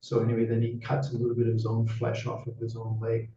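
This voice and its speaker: A man's voice: medium pitch, monotone, fast, warm tone, a little hiss or hum. A male Buddhist teacher telling a dharma story in a casual, chatty way, full of "you know" asides. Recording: roomy, distant, dull sound.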